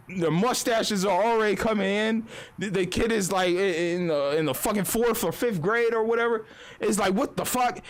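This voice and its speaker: A young man streaming live, talking in a loose, profanity-laced rant that wanders from point to point. His voice sits high for a man and swings widely up and down as he acts out what other people say.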